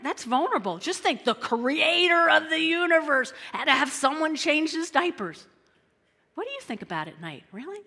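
A woman preaching a sermon in an animated, conversational way, often checking in with her listeners. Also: high-pitched, long reverb tail.

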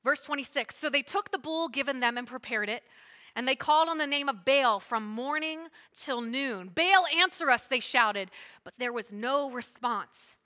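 Bright, dynamic woman preacher. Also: high-pitched, moderate pace. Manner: dynamic preaching, swinging between loud emphatic lines and hushed asides. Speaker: pastor. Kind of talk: sermon.

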